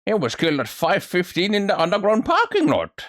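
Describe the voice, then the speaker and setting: A man's voice: sits high, huge pitch swings, brisk, fairly bright tone, pitched above the performer's own voice, heavily acted. A man reading a courtroom game aloud and doing every character's voice himself, sometimes stumbling over words. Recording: faint music behind.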